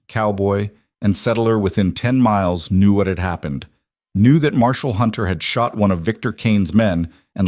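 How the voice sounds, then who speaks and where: A man's voice: lowish voice, a little mellow, dry recording, studio quality. A man reading a scripted western story as narrator, telling it steadily.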